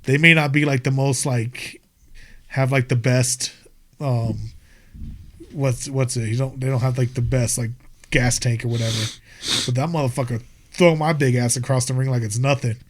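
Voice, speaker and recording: A man's voice: mid-range voice, fairly even intonation, moderate pace. A young American man, a guest on a podcast, chatting casually in a rambling, profane, laid-back way. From United States. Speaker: podcast guest, skate filmer and wrestler.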